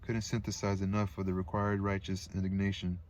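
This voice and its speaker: A man reading a novel aloud in a calm, steady way, with occasional casual asides. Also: sits low, fairly quick, a little hiss or hum. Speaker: audiobook reader.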